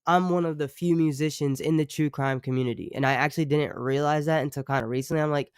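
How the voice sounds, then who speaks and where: A man who makes true crime streams and music, chatting live with his viewers in a loose, rambling way, full of swearing and quick reactions to the chat. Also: a little high, smooth, no room sound, clean studio sound. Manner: profane, rambling, animated asides to chat.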